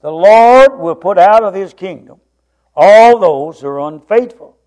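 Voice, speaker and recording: A man's voice: sits high, expressive, unhurried, darkish tone. Blunt, emphatic male preacher. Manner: blunt, emphatic scripture reading with stumbles. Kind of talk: sermon.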